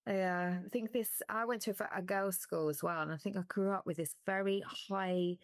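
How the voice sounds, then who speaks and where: A woman, once an athlete, speaks candidly in an interview with a steady mid-range voice at a moderate pace. She laughs sometimes and sometimes sounds close to crying, her voice catching with feeling. The audio has no echo.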